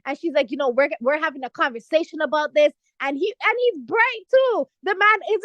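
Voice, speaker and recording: Young woman podcaster rambling about reality tv, lots of likes and you knows, high voice. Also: fairly quick, few pauses, no echo, muffled recording. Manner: chatty, animated, many "like" and "you know" fillers, laughs. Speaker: podcast host. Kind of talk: casual reality-TV commentary.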